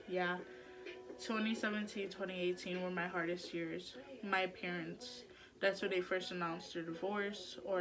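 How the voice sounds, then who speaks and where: Young woman vlogging, heartfelt and chatty. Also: on the low side. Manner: chatty, heartfelt, many "like" and "um" fillers. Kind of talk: casual personal vlog talk.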